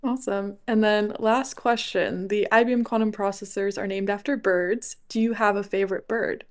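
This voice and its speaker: A woman's voice: medium pitch, steady tone, normal speed. Woman interviewer, brief upbeat prompts and follow-up questions.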